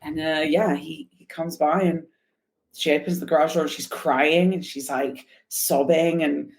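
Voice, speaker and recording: Lively woman telling a story. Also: low voice, a little slow, gravelly. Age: young adult. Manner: animated, acts out quoted dialogue, many restarts. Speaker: podcast guest, motorcycle traveler. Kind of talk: casual storytelling chat.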